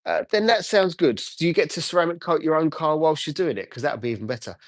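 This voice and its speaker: A man with a slightly high voice chats easily while he works on a car, answering viewer comments as he goes. The sound is dry and close, picked up on a phone outdoors. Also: expressive, quick pace, no room sound. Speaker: car detailer livestreaming. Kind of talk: casual live chat while working.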